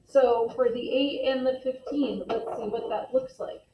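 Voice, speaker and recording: A woman teaching a math class with a patient, step-by-step manner, her voice a little higher than most. She is picked up from across an echoey classroom, and the sound is muffled and lo-fi. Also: fairly even intonation, measured pace, distant mic. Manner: patient, explains step by step, calls on students. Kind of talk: classroom lesson. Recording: echoey classroom recorded from afar, dull lo-fi.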